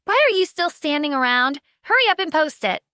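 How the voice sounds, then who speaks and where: A woman's voice: high-pitched, sing-song, a little fast, pushed and bright, dry recording, studio quality, pitched above the performer's own voice, heavily acted. A woman voicing a haughty celebrity diva. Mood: scornful. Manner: haughty, scornful. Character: arrogant spoiled celebrity influencer woman. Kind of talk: audiobook character voice.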